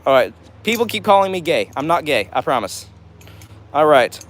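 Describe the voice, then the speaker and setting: A male livestream host chats casually with his viewers, answering their comments one after another. His voice sits a bit high for a man, and he talks in an upbeat, rambling way. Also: big pitch swings, moderate pace. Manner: chatty and upbeat, many fillers like "all right".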